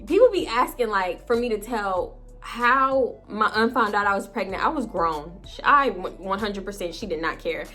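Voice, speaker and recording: A woman's voice: medium pitch, moderate pace, soft background music. A young woman, chatting casually to viewers at home about her life and swearing often. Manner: profane, chatty, animated storytelling to viewers. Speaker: vlogger. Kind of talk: casual storytime chat. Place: home, indoors. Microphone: phone camera.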